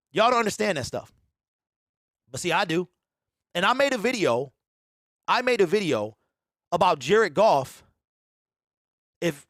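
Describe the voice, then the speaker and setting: A man with a fairly high voice delivers an animated sports talk monologue. He hammers his points with repetition, and the recording is dry and close. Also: dry recording. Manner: emphatic, repeats lines, mocking quoted voices. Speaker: sports show host.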